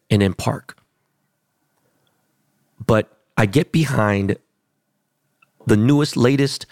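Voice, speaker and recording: A low, gravelly man tells a story in a loose, casual way. He swears a lot and pushes his voice up when he gets worked up. The sound is dry and close. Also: no echo. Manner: profane, animated storytelling with rising outbursts.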